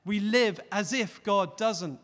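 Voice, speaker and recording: A man preaching a sermon, earnest, rising to loud emphatic peaks and dropping to soft, close appeals. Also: high-pitched, slow pace. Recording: long hall reverb.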